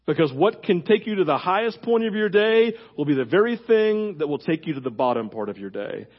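A pastor delivers a loose, conversational sermon in a high, husky voice, with plenty of fillers and sudden upward leaps when he gets fired up. The audio sounds dull and muffled. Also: brisk. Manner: animated, casual preaching with many fillers; pitch leaps up when fired up.

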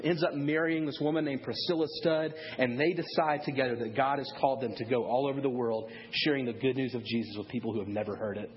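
A man preaching a sermon to parents, telling a story in a lively way and acting out the people he quotes. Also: medium pitch, fast talker, hardly any pauses, highs cut off. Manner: animated storyteller, acts out quoted voices. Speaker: pastor.

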